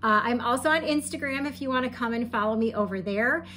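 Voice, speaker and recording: A woman's voice: fairly high pitch, fast talker, bright, forceful tone, slight background noise. A woman talking casually to camera from her home, chatty and gushing, with frequent ums and light laughs. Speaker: crochet vlogger. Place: home room with setting sun through the window.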